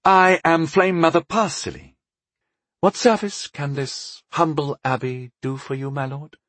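A man's voice: a little high, fairly even intonation, unhurried, fairly bright tone, no echo, pitched above the performer's own voice. A man putting on a stubborn, formal abbess. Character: stern middle-aged female abbess, stubborn, formal. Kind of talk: audiobook character voice.

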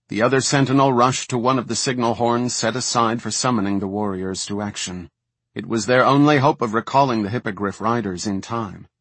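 Husky low-voiced male narrator. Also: no room sound. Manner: measured, even storytelling. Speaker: audiobook narrator. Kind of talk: scripted fantasy narration.

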